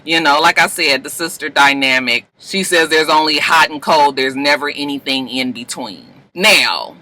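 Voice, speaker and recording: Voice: medium pitch, moderate pace, pushed and bright, low-quality recording. A vlogger recapping a reality show in a sassy, slangy chat with plenty of swearing.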